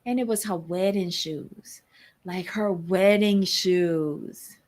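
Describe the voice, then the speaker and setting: A woman's voice: on the low side, slow, darkish tone. A woman co-hosting a live-streamed recap show, greeting her chat and making blunt, sassy remarks. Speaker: co-host.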